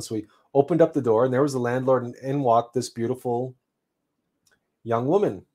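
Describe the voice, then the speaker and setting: Relaxed man telling a personal story. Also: medium pitch, fairly quick. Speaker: livestream host. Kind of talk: casual storytelling on a livestream.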